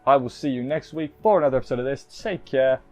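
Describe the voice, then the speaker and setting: A man's voice: medium pitch, fast, a little mellow, lo-fi sound, faint music behind. Rambling man recapping an anime episode. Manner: rambling, with many fillers and self-corrections. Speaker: anime reviewer. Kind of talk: casual recap review.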